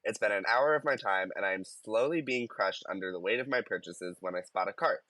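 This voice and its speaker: A man's voice: lowish voice, fairly quick, sharp tone, no room sound. A man co-hosting a podcast, reading stories aloud in casual chat and laughing mid-sentence. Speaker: podcast co-host.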